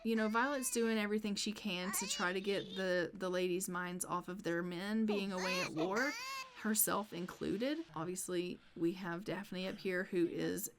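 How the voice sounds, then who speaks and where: Brief: casual female gameplay host, mid pitch, chatty, faint room noise. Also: fairly even intonation, moderate pace. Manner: chatty, talks to her game characters. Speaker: gameplay narrator. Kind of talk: casual let's-play commentary.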